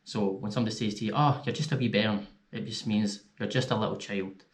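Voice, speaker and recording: A man's voice: lowish voice, steady tone, fairly quick. A Scottish man vlogging at home, casually explaining slang in a chatty, easygoing way. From Scotland. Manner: chatty, easygoing, laughs at his own examples. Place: indoors at home.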